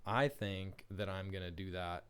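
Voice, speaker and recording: A man voicing a mischievous young shepherd boy in a storybook tale, shouting in high, frantic cries. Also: fairly even intonation, unhurried, clear, resonant tone. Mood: scheming.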